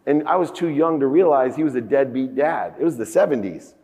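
A man in his fifties giving a motivational keynote speech on a conference stage, telling a personal story with big emotional swings in pitch and loudness. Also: animated, a little fast. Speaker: keynote speaker. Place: large conference hall stage. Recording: echoey conference hall.

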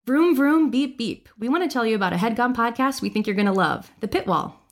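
A woman's voice: fairly high pitch, expressive, a little fast. A woman from Florida introducing herself, then reading a podcast ad in a friendly, upbeat way. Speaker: contestant reading an ad. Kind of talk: self-introduction and ad read.

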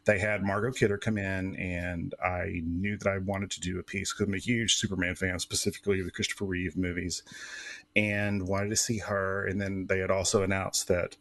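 A man's voice: low-pitched, little pitch movement, normal speed, fairly bright tone, no room sound. A man who is a guest co-host on a podcast, telling stories in a casual, rambling way with lots of fillers. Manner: rambling storyteller, many fillers.

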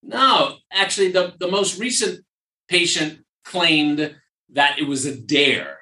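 Speaking slowly in a voice on the high side, a New York surgeon hosting a laid-back podcast tells lively stories and repeats phrases to emphasize them. His tone is bright and forward, but he sits far from the mic, somewhat off-axis, in an echoey, roomy space.

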